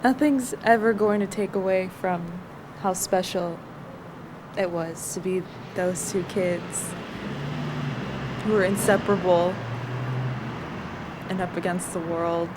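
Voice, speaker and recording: A woman's voice: fairly low pitch, fairly even intonation, slow, pauses often. A woman playing a wistful young woman recalling her best friend. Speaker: acting student. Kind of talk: rehearsed dramatic monologue. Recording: noisy background hum.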